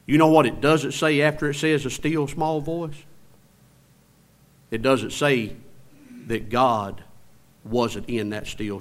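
A man preaching a sermon as pastor. He swings between loud emphatic passages and hushed, drawn-out low phrases, and keeps asking the congregation rhetorical questions.

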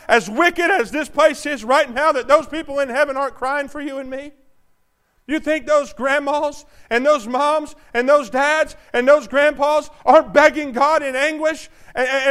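A man's voice: very high voice, a bit bright. A male preacher reading scripture and preaching a sermon, emphatic and repetitive, often checking in with the congregation. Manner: emphatic, repeats phrases, asks the audience questions; reads scripture aloud with stress on single words.

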